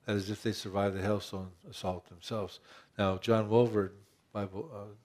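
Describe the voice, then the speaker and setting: A man's voice: on the low side, little pitch movement, moderate pace, a little mellow. A man pastor preaching a conversational sermon, asking rhetorical questions and often restarting his phrases.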